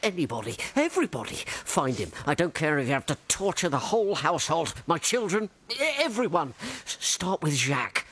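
A man's voice: on the high side, big pitch swings, a little fast, few pauses, a bit bright, slightly rough, heavily acted. An actor playing a greedy, miserly old father in a stage comedy, frantic and melodramatic. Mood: wailing.

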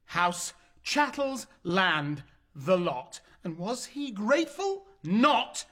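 A man's voice: sits high, very animated, slow pace, sharp tone, exaggerated voice. An actor playing an indignant wealthy father who was deceived by his guest, blustering in rhymed stage verse. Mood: aggrieved. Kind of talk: stage play in rhyming verse.

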